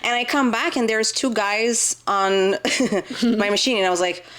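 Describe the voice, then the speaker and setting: A woman's voice: fairly high pitch, fairly bright tone. A young woman co-hosting a podcast in casual chat, often laughing and agreeing. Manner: giggly, agreeable, quick to laugh. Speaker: podcast co-host.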